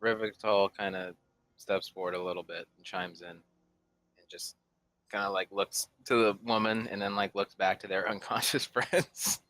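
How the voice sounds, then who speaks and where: A man casually describes his character's actions at a tabletop game. His voice sits low, and he sounds a little off the mic. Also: steady tone, moderate pace, fairly bright tone, dry recording, poor audio. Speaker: player.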